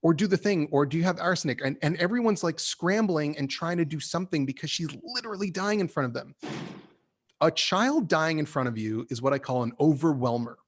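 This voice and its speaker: Animated man critiquing a script. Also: on the high side, a little fast. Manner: animated, opinionated, laughs often. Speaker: podcast host reviewing a screenplay. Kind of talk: casual critique chat.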